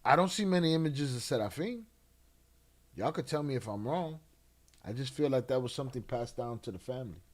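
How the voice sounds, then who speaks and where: A man hosting a casual late-night livestream, laid-back and slang-heavy, reading chat and giving shout-outs. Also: medium pitch, lively intonation, a little fast. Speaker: livestream host.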